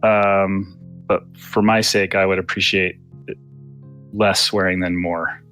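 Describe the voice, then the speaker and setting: A man's voice: low voice, flat delivery, slow, soft background music. Polite, hesitant American man. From United States. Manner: polite and hesitant, full of fillers, trailing off quietly. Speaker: player. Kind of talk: casual chat between game sessions.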